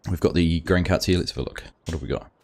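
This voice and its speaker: A man's voice: low-pitched, quick pace, creaky, a little mellow. A man hosting a casual game livestream, chatting and greeting viewers by name. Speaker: livestream host. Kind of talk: casual livestream chat while gaming.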